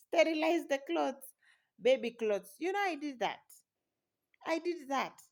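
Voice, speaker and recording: Slow, dramatic woman telling a story. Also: sits high, very animated. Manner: exclamatory, dramatic, laughs often. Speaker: vlogger, new mother. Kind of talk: animated personal storytelling.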